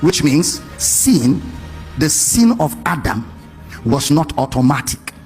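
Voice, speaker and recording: A male preacher giving a lively sermon, questioning his congregation and stretching words in a sing-song way. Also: a little high, takes it slowly, soft background music.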